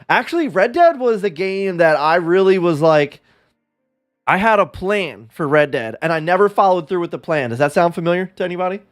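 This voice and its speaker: A man's voice: sits high, lively intonation, a little fast, soft background music. A man livestreaming in a casual chat, rambling and self-deprecating as he talks with his viewers.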